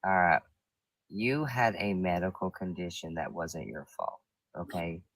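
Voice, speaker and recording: A man with a very deep voice talks reassuringly in a dry, close recording. He speaks in an emphatic, casual way, pressing his point home. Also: animated, unhurried, fairly bright tone, dry recording, low-quality recording. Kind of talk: casual supportive chat.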